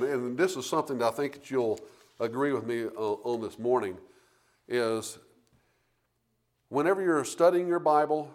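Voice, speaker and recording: A man preaching a sermon, rambling through restarts and then building to emphatic points. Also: medium pitch.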